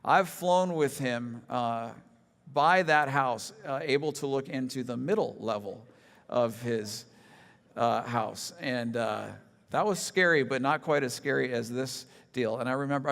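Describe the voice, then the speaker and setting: A middle-aged pastor preaches a conversational sermon in a church sanctuary, sharing funny personal stories and poking fun at himself. His medium-pitched voice is gravelly and fairly bright, at a moderate pace. The large hall gives a long reverb.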